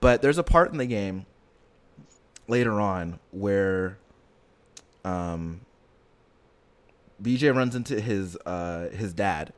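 A man with a fairly low voice talks in a loose, casual chat, circling back on himself with fillers and restarts. He sounds earnest and invested as he tells the story. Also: animated, slow, pauses often. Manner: rambling, filler-heavy retelling with many restarts.

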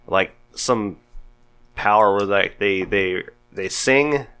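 A man on a casual podcast chat, explaining in a halting way, full of fillers and restarts. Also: fairly low pitch, sharp tone, smooth, faint music behind. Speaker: podcast co-host.

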